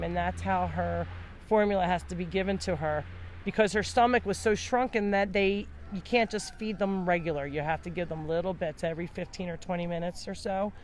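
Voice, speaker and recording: A woman's voice: medium pitch, a little hiss or hum. A woman running a live video from an animal sanctuary, explaining rescues in a chatty way and talking to the animals as she goes. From New Jersey. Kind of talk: casual live-stream chat.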